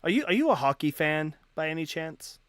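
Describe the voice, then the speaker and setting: Man, livestream host, casual chat, smooth clear voice, dry close sound, restarts words. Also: on the high side, brisk, no room sound. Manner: animated, repeats and restarts words. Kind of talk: casual live-stream chat.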